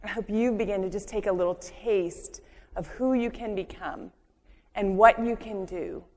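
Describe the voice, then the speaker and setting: A woman's voice: medium pitch, normal speed, darkish tone. A woman in her forties giving an earnest, encouraging motivational talk at a convention in a large hall, often repeating her phrases. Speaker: convention speaker. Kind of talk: motivational speech. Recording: long hall reverb.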